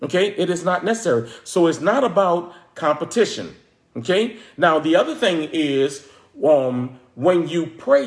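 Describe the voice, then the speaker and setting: A man's voice: fairly high pitch, big pitch swings, slow, roomy sound. A man giving informal Bible teaching, talking conversationally, often restarting words and checking in with "okay?". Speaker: preacher.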